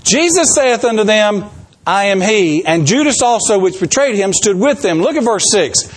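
A man's voice: sits high, moderate pace, husky. A man preaching a sermon, telling stories animatedly and acting out the quotes. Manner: animated storytelling, acts out quotes.

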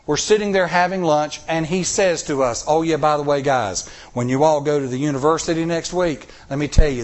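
Middle-aged male preacher, lively storytelling sermon, fairly high voice. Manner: animated, rising to emphatic peaks. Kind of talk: sermon with personal stories. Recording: recorded sermon tape.

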